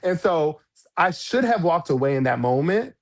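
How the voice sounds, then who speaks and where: A man telling a story as a podcast guest, frank and animated, with cursing and sudden high jumps in pitch when he quotes people. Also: normal speed. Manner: frank, swears freely. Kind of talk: storytelling in a casual interview.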